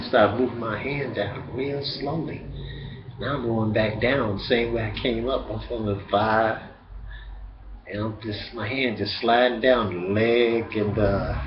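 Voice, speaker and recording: A man telling a profane, animated stand-up story that builds to loud outbursts. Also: mid-range voice, background noise. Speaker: stand-up comedian. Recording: roomy, dull sound with faint ambience.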